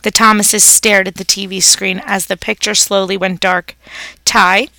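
A woman's voice: mid-range voice, little pitch movement, normal speed, gravelly, pushed and bright, no room sound. A woman reading a children's story aloud, narrating expressively as a pet hamster.

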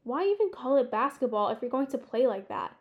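A woman's voice: high voice, very animated, fairly quick, muffled recording. A woman reading the lines of a disapproving young girl in a storybook. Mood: disgusted. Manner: disgusted, scolding. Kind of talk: audiobook reading.

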